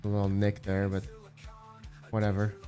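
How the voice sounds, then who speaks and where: A man's voice: on the low side, monotone, moderate pace, mellow, soft background music. A man hosting a casual live stream, rambling as he thinks aloud and answers his chat.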